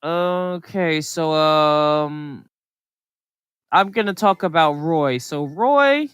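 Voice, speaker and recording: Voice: medium pitch, very slow, a bit bright, clear, resonant tone, no room sound. A podcast co-host chatting casually, rambling through stories with lots of fillers. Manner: rambling, filler-heavy storytelling. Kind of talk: casual chat.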